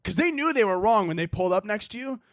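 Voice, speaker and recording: A man's voice: high voice, animated, fast, dry recording, clean studio sound. A man hosting his own podcast, telling a story in casual, profane talk, laughing often and acting out both sides. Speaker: podcast host.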